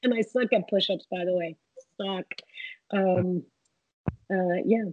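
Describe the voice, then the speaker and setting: A woman guest in a casual interview, telling animated stories and acting out what people said. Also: on the low side, slow, no echo, phone-quality sound. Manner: animated storyteller, acts out quotes.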